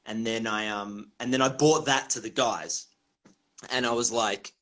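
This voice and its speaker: A man's voice: lowish voice, fairly even intonation, measured pace, fairly bright tone. An Australian man, a comedian guest, telling rambling stories in a casual interview, swearing freely and laughing often. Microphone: video call.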